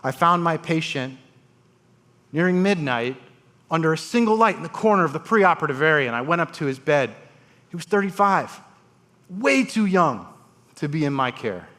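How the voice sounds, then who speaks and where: A man, a transplant surgeon, telling stories on a conference stage with dramatic pauses and voiced quotes. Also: a little high, big pitch swings, bright, forceful tone. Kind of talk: storytelling talk on stage. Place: conference stage before an audience.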